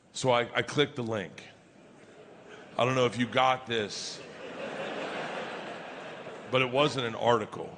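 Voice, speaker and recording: A middle-aged man doing stand-up, telling a story in a loud, crude, animated way with bursts of shouting, live on stage with a handheld mic. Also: medium pitch, moderate pace, long pauses. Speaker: stand-up comedian. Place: comedy stage before an audience. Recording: live stage recording with background noise.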